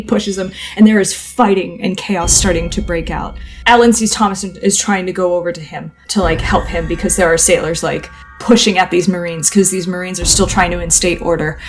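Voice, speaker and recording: A woman narrating a tabletop role-playing game as game master, quick and loose with fillers. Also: on the low side, steady tone, soft background music. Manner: quick, filler-heavy storytelling.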